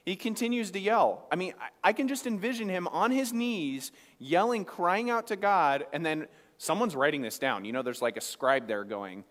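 Guy pastor giving a sermon, kinda high voice, chatty asides, big echoey hall. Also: expressive, moderate pace, few pauses, fairly bright tone. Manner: conversational preaching with acted asides. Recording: long reverb of a hall.

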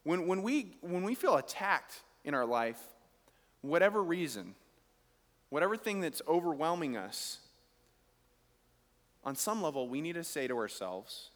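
A man preaching a sermon, reading scripture and explaining it, swinging from quiet asides to near-shouted emphasis. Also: fairly high pitch, sing-song, measured pace, pauses often. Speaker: pastor. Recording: long hall reverb.

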